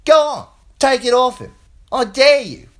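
A man's voice: very high-pitched, animated, a little slow, fairly bright tone, voice pushed up, exaggerated voice. A man voicing a mocking orphan boy with a braying laugh, in a jeering, taunting manner.

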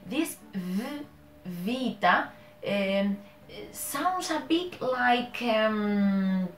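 Spanish-accented woman hosting a casual learning vlog; slow, self-correcting, laughs at herself; echoey room with faint music. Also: medium pitch, animated. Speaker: language learner and host. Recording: roomy echo with faint music.

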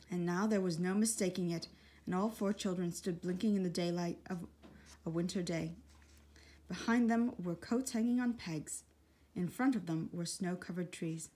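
Woman storybook narrator, husky tone, steady measured read. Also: lowish voice. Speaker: audiobook reader.

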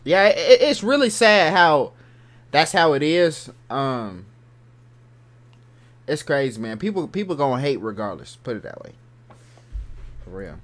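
A man's voice: fairly high pitch, big pitch swings, a little slow, pauses often, background noise. A man hosting a reaction video, talking casually and slangily to his viewers. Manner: laid-back slangy asides, calls viewers bro.

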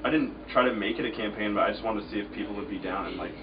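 A young man talks in a low, relaxed voice, rambling through his answers with plenty of fillers. He sounds set back from the microphone, and the recording is muffled, with clear background noise throughout. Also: rapid-fire, far from the mic. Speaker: interview guest, DJ. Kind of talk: casual interview chat. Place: at an outdoor festival.

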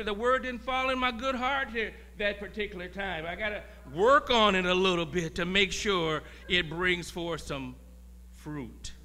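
A man preaching as a guest pastor, talking in a conversational way, laughing and swinging from quiet asides to loud emphasis. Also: high-pitched, slight background noise. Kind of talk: sermon.

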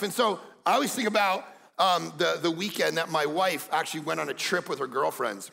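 A man in his forties preaching a sermon as pastor, telling stories animatedly and shouting some lines for emphasis. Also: a little high, a little fast, vocal fry, long reverb tail. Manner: animated storytelling, acts out quotes, shouts for emphasis.

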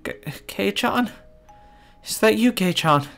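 A man voicing a terrified teenage girl trapped in a cell, pleading frantically in a shrill voice. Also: expressive, slow pace, vocal fry, fairly bright tone, soft background music, heavily acted. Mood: frantic pleading.

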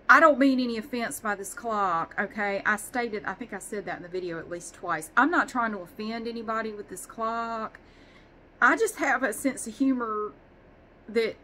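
Bright-voiced rambling woman vlogger. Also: mid-range voice, slight background noise, rough recording. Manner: rambling, swears casually, self-deprecating. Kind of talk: casual chat.

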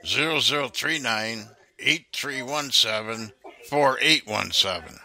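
A man posing as a confused caller on a prank phone call, gruff and impatient, complaining he can't follow. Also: mid-range voice, a little slow, sharp tone. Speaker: scam baiter posing as an older caller.

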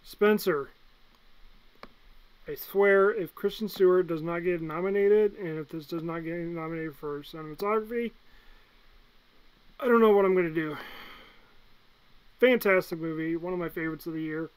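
Blunt, excitable young man ranking movies. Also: on the high side, normal speed, pauses often, clean tone, low-quality recording. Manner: blunt, excitable, swings loud and soft. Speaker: movie reviewer. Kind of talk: casual movie ranking vlog.

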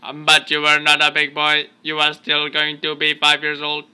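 A father chats with his little boy on a home video, his voice slightly high and very bright. He asks one playful question after another and keeps his tone fairly even. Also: normal speed, slight background noise. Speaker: father filming his young son. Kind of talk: casual home video chat.

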